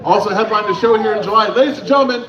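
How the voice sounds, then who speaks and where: A man emceeing a comedy night on a club mic, teasing the audience between acts. His voice sits a bit high, and the recording is dull and echoey with a crowd all around. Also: very fast. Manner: teasing, bantering with the room. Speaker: comedy show host. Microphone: handheld stage mic.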